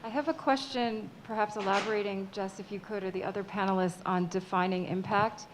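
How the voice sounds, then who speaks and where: A woman's voice: mid-range voice, steady tone, fairly quick, background noise. A woman in the audience politely asking the panel a question. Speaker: audience member.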